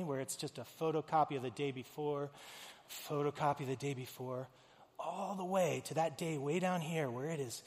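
A man preaching to his church, an animated storyteller who slips into the voices of the characters he describes. His voice sits a little high for a man. The sound carries a long reverb from the hall. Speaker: pastor. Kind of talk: sermon. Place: church auditorium.

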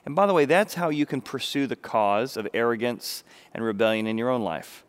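A man's voice: mid-range voice, a little fast. A middle-aged man preaching a sermon, acting out the people in the story. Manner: animated, acts out biblical speakers with raised voice. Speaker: pastor.

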